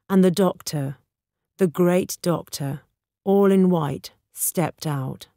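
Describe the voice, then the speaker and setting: A woman narrating a storybook in a measured, deliberate reading for English learners. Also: sits low, warm tone, dry recording, studio quality.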